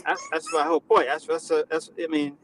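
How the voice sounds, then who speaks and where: Nasal, lecturing man with a high voice. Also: a little fast, fairly bright tone, slight background noise, low-quality recording. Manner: lecturing, mock-condescending. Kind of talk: casual comedic panel chat.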